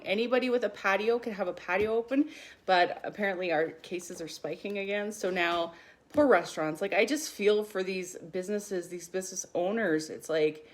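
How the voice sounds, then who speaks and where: A woman in her thirties from Canada, a spiritual coach chatting casually and upbeat on a live stream, a little short of breath, reading viewer comments aloud. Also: medium pitch.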